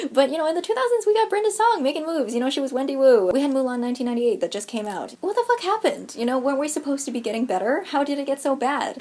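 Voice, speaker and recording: A woman's voice: on the high side, mellow. A young American woman in her twenties giving a blunt, sarcastic commentary vlog. She swears often and laughs now and then. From United States. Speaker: YouTuber.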